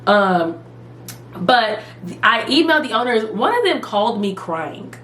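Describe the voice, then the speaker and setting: A young woman telling a story from home in a casual, animated, dramatic way. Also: fairly high pitch, measured pace, a little hiss or hum. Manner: animated, dramatic retelling with quoted voices. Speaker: vlogger. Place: room at home. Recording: echoey room.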